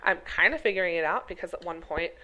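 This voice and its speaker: A woman's voice: lowish voice, fast, bright, forceful tone, dull audio. A middle-aged woman and health teacher ranting to camera in a vlog, scolding and emphatic, with frequent "okay?" and "right?" check-ins. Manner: emphatic, scolding, rhetorical questions.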